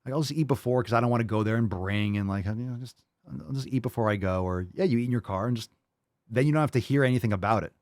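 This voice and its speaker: Here a fitness podcast host, a middle-aged man, runs through viewer comments from his livestream chat, answering with crude, mocking bluntness. His medium-pitched voice is quick and a bit mellow, captured cleanly in the studio with no room sound.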